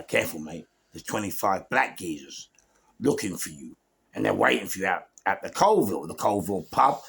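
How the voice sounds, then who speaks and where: Gravelly London man telling street stories. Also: on the low side. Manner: animated, swearing, street slang, keeps checking in with "yeah?". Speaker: storyteller guest. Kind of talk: casual storytelling.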